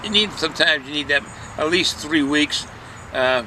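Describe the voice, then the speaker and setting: A man's voice: on the high side, normal speed, background noise. An older man chatting casually as a beer reviewer, rambling with many fillers and restarts. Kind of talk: casual chat.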